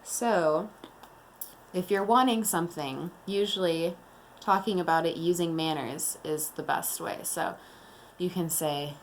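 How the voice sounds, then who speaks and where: Woman teacher, unhurried, slightly low voice, gentle explaining tone, faint hiss. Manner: slow, calm and deliberate, explaining to young children. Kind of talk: classroom morning meeting lesson.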